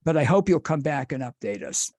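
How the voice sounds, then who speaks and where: A man's voice: a little high, animated, fairly quick, darkish tone, no echo, clean studio sound. A man hosting a podcast interview, emotional and rambling, joking about himself. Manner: emotional, rambling, self-deprecating. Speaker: podcast host. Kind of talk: casual interview chat.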